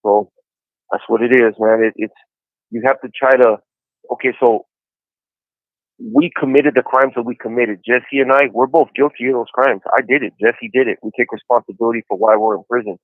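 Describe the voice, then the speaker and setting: Speaking at a normal speed with frequent pauses, a medium-pitched man in his forties keeps a fairly even intonation. He's an incarcerated podcast caller, chatting casually and telling his story easygoingly with plenty of "you know." The tinny prison handset audio has no room sound.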